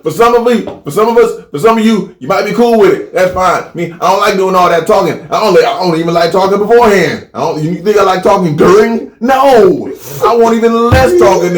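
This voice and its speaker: A man co-hosting a crude comedy podcast, ranting animatedly with lots of profanity and repeated phrases. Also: high voice. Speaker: podcast co-host. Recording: echoey room.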